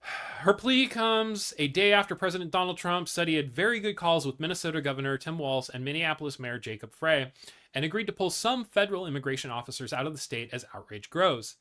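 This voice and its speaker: Male news commentary host, bright and slightly high voice, reads articles, blunt profane asides, lots of ums. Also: expressive, a little fast. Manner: blunt and profane, many fillers and restarts. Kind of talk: casual news commentary, reading articles aloud.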